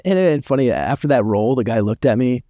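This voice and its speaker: A man's voice: mid-range voice, brisk, no echo, studio quality. A man guesting on a podcast, telling casual stories with many "like" fillers. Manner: relaxed storyteller with frequent "like" fillers. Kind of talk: casual storytelling chat.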